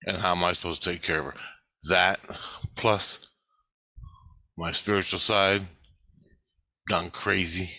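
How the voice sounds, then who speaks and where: A man's voice: low voice, bright, forceful tone, dry recording. A middle-aged man rambling through a blunt, profane personal monologue about his spiritual life. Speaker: spiritual vlogger.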